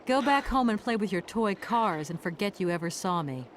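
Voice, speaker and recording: An actress voicing an ambitious young lawyer woman in a video game, poised, brisk and sharp-tongued. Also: mid-range voice, animated, slight background noise, lightly acted. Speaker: game protagonist.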